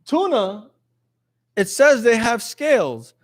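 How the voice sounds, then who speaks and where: A man's voice: extremely high pitch, sing-song, slow. A man teaching a lesson to a class, quizzing his students in a jokey way and reading passages aloud. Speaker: religious teacher.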